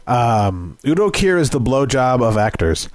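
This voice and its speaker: A man's voice: mid-range voice, very animated, measured pace, no room sound. A man riffs crudely on a bad movie, full of ums and jokes, as he co-hosts a casual review show. His voice sits in a middle range and sounds dry and close. He rambles loosely with no polish. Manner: crude, jokey, rambling with many fillers. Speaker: podcast co-host.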